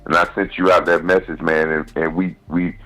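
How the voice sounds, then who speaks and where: A man with an extremely deep, low voice calls into a show. He speaks haltingly and keeps restarting. The talk is casual and friendly. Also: flat delivery, bright, forceful tone, soft background music, poor audio. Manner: halting, restarts and repeats words. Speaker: caller, a fellow fan. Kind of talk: casual phone-in chat.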